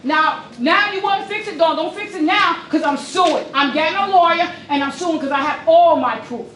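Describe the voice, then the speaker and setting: An upset woman with a very high voice pours out an emphatic, pleading complaint at public comment. She sounds distant from the mic, her words ringing around an echoey meeting room with a faint hiss beneath. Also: normal speed, fairly bright tone. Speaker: resident speaking at public comment. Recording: echoey room, picked up from afar.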